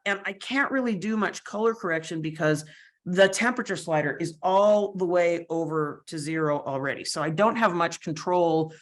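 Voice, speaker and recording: A woman's voice: on the low side, moderate pace. Chatty woman teaching photo editing. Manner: chatty, explanatory, with fillers and asides. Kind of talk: screen-share software tutorial.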